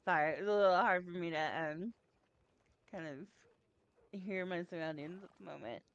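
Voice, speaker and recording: A woman's voice: fairly low pitch, moderate pace, dry recording, lo-fi sound. A woman roleplaying in character, friendly and hesitant with many ums.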